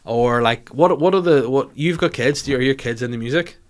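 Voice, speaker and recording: A man's voice: medium pitch, brisk. Man ranting comedically. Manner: animated, swearing, joking rants. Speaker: podcast host. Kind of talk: casual comedic chat. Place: podcast studio.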